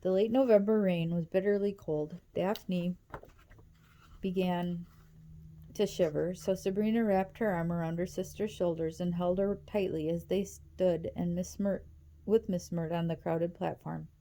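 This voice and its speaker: A woman reading a novel aloud in a steady, even storytelling manner. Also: lowish voice, a little slow, slight background noise. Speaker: audiobook reader.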